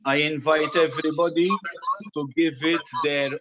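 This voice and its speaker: A man's voice: a little high, moderate pace. A man facilitating a group sound ceremony, patiently instructing and counting breaths aloud as the group chants vowels together. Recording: live recording with steady noise and clicks.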